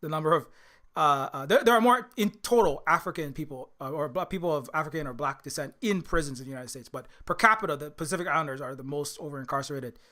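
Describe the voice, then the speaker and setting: High, bright, rambling male commentator. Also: quick pace. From Hawaii. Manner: rambling, many restarts and fillers. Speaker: channel host. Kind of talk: casual political commentary.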